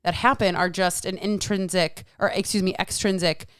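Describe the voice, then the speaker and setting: A woman's voice: medium pitch, fairly even intonation, normal speed, a bit bright, clean tone, dry recording, studio quality. A woman, chatting frankly as a podcast guest, swearing freely and acting out quotes. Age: 40s. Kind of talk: casual podcast chat.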